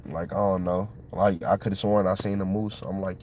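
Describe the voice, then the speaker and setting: Excitable man rambling in slang. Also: low voice, normal speed, slight background noise. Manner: excitable, colloquial, repeats himself. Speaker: channel host. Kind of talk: casual rambling monologue.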